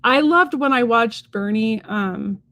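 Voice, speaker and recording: A woman's voice: on the high side, slow, fairly bright tone, no room sound. A woman co-hosting a casual live stream, talking in a rambling, chatty way with lots of fillers and playful quoted voices. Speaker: psychic medium, stream co-host.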